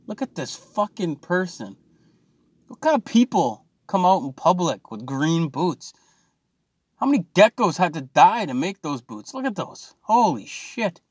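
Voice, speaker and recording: A man's voice: a little high, sing-song, unhurried, slightly rough, no room sound, studio quality. A man, ranting and swearing in a mocking, exasperated monologue to his viewers.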